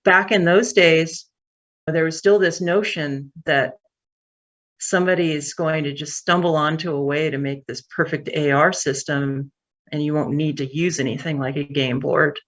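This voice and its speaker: A woman who runs a tech company, telling a story in an interview, candid and animated, with fillers. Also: low-pitched, moderate pace.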